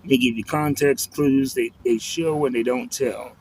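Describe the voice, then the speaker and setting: A man reviewing a comic book in a relaxed, reflective way, leaning on "you know" as he talks it through. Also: mid-range voice, unhurried, slight background noise, poor audio. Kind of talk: casual spoken review.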